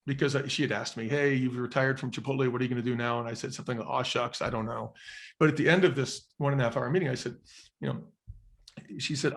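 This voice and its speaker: A man's voice: mid-range voice, steady tone, fast talker. Earnest man telling a personal story. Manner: earnest, reflective storytelling with acted-out quotes. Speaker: interview guest, former restaurant chain executive. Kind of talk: storytelling in a podcast interview.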